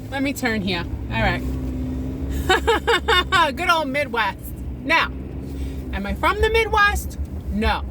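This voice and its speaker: Driving her car, a New York comedy vlogger talks to herself in an animated, sarcastic rant, her high voice swooping up and down. Loud road noise hums steadily behind her.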